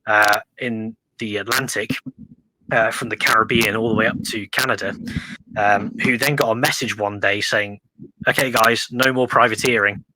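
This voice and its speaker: A man's voice: on the low side, steady tone, moderate pace, sharp tone, a little hiss or hum, rough recording. An English man chatting casually about history on a podcast, rambling along with lots of ums and restarts. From England. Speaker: podcast guest.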